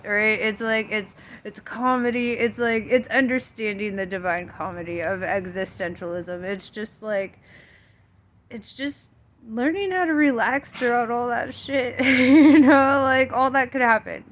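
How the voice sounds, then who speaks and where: A woman's voice: a little high, a little hiss or hum. A young woman talking casually to her camera, rambling, giggling often and swearing freely. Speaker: tarot vlogger.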